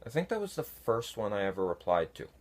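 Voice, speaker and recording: A man casually answering viewer comments, unhurried and halting, with many fillers. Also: lowish voice, big pitch swings, darkish tone. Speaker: fan conlang vlogger answering comments. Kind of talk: casual talk to camera.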